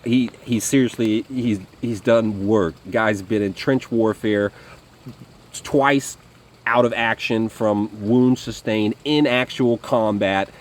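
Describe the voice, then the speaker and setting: A man's voice: fairly low pitch, fairly even intonation, takes it slowly. A man telling war stories to camera in a rambling, conversational way, with lots of fillers and restarts. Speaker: vlogger. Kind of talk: casual storytelling monologue.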